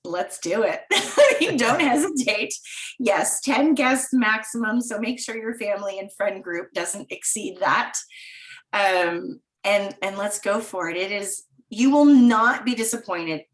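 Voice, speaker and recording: A woman's voice: medium pitch, expressive, slow pace, low-quality recording. A woman guest in a casual interview, talking with enthusiasm and laughing often. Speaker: guest, chalet owner.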